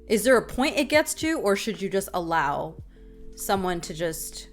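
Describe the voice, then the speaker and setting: A young adult woman hosting a casual group talk, telling a personal story with lively, animated delivery and calling listeners "y'all". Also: medium pitch, normal speed, soft background music. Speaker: talk show host.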